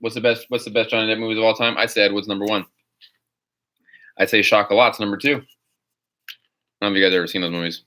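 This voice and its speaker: A man's voice: on the low side, fairly even intonation, fast, long pauses, pushed and bright. A man hosting a live stream, answering viewer questions in a rambling, opinionated way. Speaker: host.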